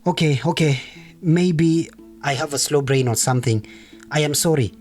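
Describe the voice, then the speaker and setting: A man reading as a young surgical resident and husband, worn out and a little defensive. His even, everyday delivery turns apologetic, with soft guitar faint under the storybook voice. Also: fairly high pitch, moderate pace, natural voice.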